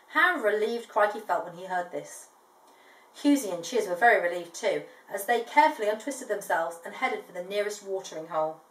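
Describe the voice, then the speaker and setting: A woman reading a storybook aloud to a child, gentle, with chatty asides between pages. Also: medium pitch, animated, fairly quick. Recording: echoey room, distant mic.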